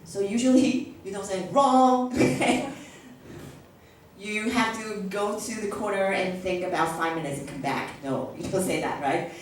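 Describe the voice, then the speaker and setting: A woman's voice: medium pitch, fairly even intonation, moderate pace, few pauses, slight background noise. A woman leading a workshop for teachers, acting out classroom phrases and often checking in with "okay?". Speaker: teacher trainer. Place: large echoey classroom. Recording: echoey room recorded from far off.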